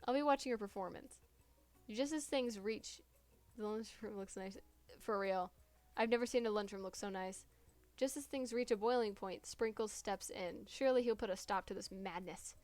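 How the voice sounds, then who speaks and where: A woman's voice: mid-range voice, normal speed, a little mellow, faint music behind. Giggly woman streamer reading a game aloud. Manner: reads game text aloud, breaks off with giggling asides. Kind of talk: reading a dating-sim game aloud with commentary.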